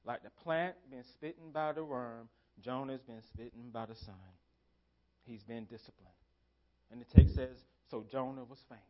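A pastor preaching a sermon in a church, driving points home with emphatic repeated phrases. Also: male voice, medium pitch, steady tone, moderate pace, highs cut off. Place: church sanctuary.

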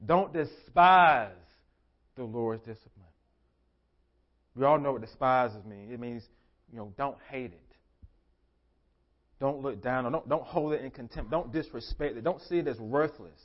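A man preaching a sermon as pastor, emphatic, repeating his phrases and swinging between soft and loud delivery. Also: medium pitch, moderate pace, lo-fi sound.

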